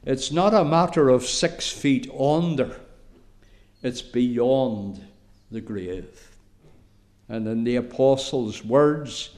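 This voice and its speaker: A man with an Irish accent preaching a sermon slowly and deliberately, with emphatic pauses. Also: medium pitch, a little mellow.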